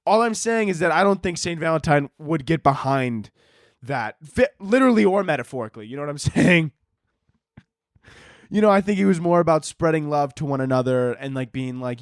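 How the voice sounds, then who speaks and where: In clean studio audio without any echo, a young man with a slightly high voice hosts a podcast and wanders through a funny monologue, swearing a lot and laughing at his own jokes.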